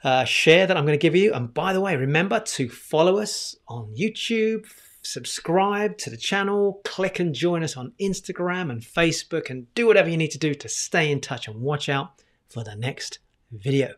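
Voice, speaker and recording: A man's voice: fairly high pitch, expressive, moderate pace. A man teaching communication strategies in a conversational talking-head video, often asking himself rhetorical questions. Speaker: communication coach.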